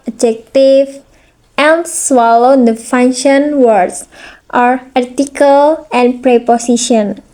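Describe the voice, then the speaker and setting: A woman student presenting a phonology lesson, reading haltingly with fillers and drawn-out examples. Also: sits high, mellow. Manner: very slow, hesitant reading with fillers and restarts.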